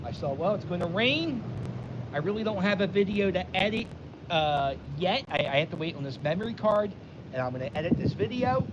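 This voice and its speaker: Fairly quick and high-pitched, a man vlogs from outdoors in gusty weather, the dull audio picking up wind noise. His storytelling rambles with many restarts, animated and full of self-deprecation.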